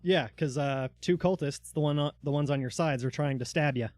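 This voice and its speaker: A man's voice: a little high, brisk, a little mellow, no room sound, clean studio sound. A man narrating a tabletop game as dungeon master, in loose narration full of fillers.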